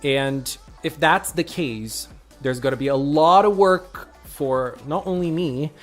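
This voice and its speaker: Excitable streamer. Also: mid-range voice, takes it slowly, faint music behind. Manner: excitable, gushing, greets viewers by name. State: a little sick. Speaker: live streamer greeting chat. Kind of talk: casual live stream chat.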